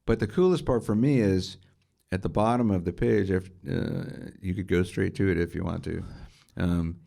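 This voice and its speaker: A man's voice: low voice, moderate pace, vocal fry, mellow. A middle-aged man, a guitarist and music writer, telling enthusiastic anecdotes as an interview guest and asking rhetorical questions. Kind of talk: storytelling in a conversational interview.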